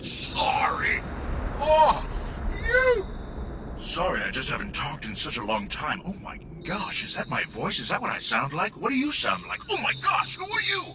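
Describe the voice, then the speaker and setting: An actor playing a dazed, wildly excitable disembodied brain who swings from whispers to shouts. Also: male voice, on the high side, normal speed, hardly any pauses, noisy background. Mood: giddy. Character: giddy disembodied male brain, cosmic and dazed. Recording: game music playing behind.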